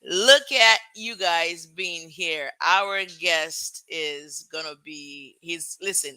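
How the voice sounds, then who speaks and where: A woman hosting a live show, opening with gushing, excited welcomes to her viewers. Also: fairly low pitch, slow pace, dry recording. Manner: bubbly, gushing and effusive. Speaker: host. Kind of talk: excited livestream show intro.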